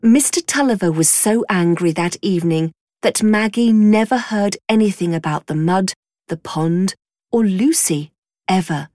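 A woman narrating a storybook in a clear, measured way. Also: medium pitch, a little mellow, no room sound, clean studio sound.

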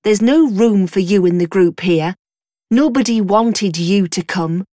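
A woman's voice: mid-range voice, a little slow, dark tone, no room sound, studio quality, close to an everyday voice. A woman reading a storybook, voicing a cross young boy who brushes off his sister curtly. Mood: dismissive.

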